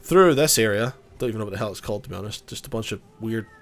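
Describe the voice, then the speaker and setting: Talking very fast in a lowish, animated voice, this gaming YouTuber narrates gameplay while nursing a cold. His humor is loose and self-deprecating, and he curses freely.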